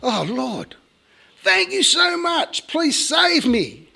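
A man doing a shrill panicky man hanging off a cliff. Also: sing-song, slow pace, creaky, heavily acted. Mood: desperate. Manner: shrill desperate yelling and pleading.

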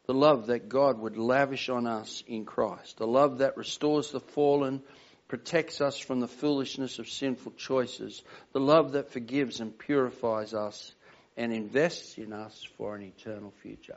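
A man's voice: mid-range voice, fairly even intonation, unhurried. An older man preaching a sermon in an earnest, emphatic way, often putting questions to the congregation. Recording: dull lo-fi sound.

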